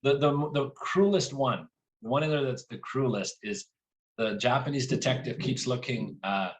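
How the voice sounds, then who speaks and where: A man in the middle register, an author guest at a live library event. He tells stories in a lively way and drops quoted asides into them. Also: medium pitch, moderate pace.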